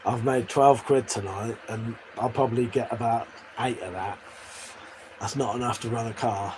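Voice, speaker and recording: On a live stream, an English man with a medium-pitched voice and fairly even intonation talks at normal speed, chatting casually and crudely. He reads messages from chat and laughs often, over faint background noise.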